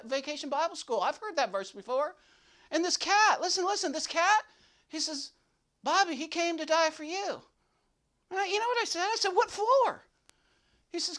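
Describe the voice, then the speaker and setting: A man's voice: very high-pitched, pushed and bright, heavily acted. A man playing a boastful, goofy young slacker in a comedic devotional monologue, rambling and repeating himself to grab attention. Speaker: devotional speaker.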